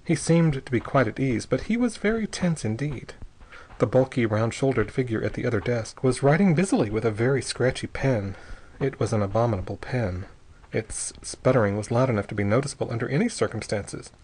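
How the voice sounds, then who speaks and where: A man reading an adventure novel aloud in a measured, steady narration. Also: medium pitch, slightly rough, rough recording. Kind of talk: audiobook narration.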